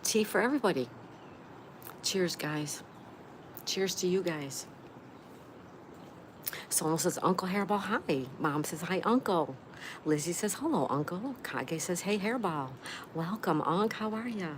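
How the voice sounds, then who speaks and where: A woman's voice: on the low side, expressive, measured pace, long pauses. A woman hosting a casual live stream, reading viewer comments aloud, greeting each person by name and answering with gushing exclamations. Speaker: livestream host. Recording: noisy background ambience.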